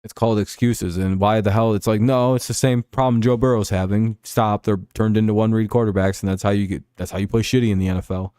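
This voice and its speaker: Profane ranting man with a low, dark voice. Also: steady tone, quick pace, few pauses, clear, resonant tone, dry recording, clean studio sound. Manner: profane, rambling rants. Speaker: sports show host. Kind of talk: casual livestream commentary.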